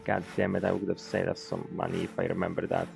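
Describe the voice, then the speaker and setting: A man's voice: deep voice, completely flat delivery, fast, creaky, over music, rough recording. A man streaming a game and chatting casually, rambling, correcting himself and swearing offhand. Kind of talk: casual gameplay commentary.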